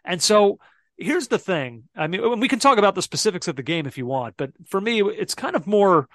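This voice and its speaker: Slightly high, thoughtful male podcast host. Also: big pitch swings, normal speed, fairly bright tone, dry recording, studio quality. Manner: reflective, thinking aloud with many fillers. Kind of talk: casual sports chat.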